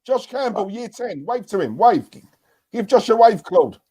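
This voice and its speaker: A man co-hosting a fan livestream, teasing the others and chiming in with quick asides. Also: high-pitched, big pitch swings, mellow, husky. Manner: teasing, laughing, chimes in. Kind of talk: football fan livestream banter.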